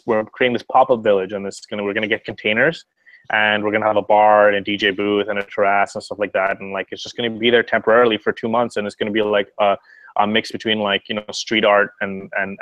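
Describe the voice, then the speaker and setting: A young man from Montreal talks fast in a rambling, profane live-stream chat, full of filler words. His voice sits a little low. The sound is dry and close. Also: level tone, a bit bright, no echo, poor audio. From Montreal, Canada. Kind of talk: casual chat.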